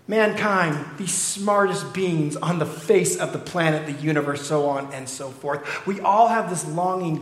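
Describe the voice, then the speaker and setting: A man's voice: high-pitched, fairly bright tone. A middle-aged man preaching a sermon as pastor, conversational, with rhetorical questions to the congregation. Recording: echoey hall.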